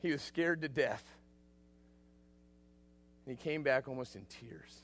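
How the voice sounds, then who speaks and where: Delivering a missionary's sermon at a measured pace, this man speaks at medium pitch. He is emphatic and energetic, alternating loud bursts with quiet asides.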